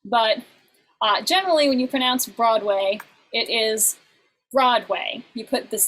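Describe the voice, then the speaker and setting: A woman's voice: medium pitch, a bit bright, slight background noise, rough recording. A young adult woman teaching an online songwriting class in a chatty way, with many fillers and restarts.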